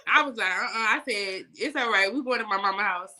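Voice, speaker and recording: A young adult woman guest telling faith stories in a casual, animated way, laughing often and speaking in vernacular. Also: medium pitch, fairly quick, background noise. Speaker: guest, business owner.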